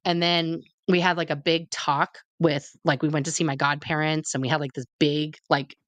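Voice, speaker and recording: A woman in her forties telling a personal story in casual chat, candid and profane, with animated delivery. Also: low-pitched, normal speed, no echo.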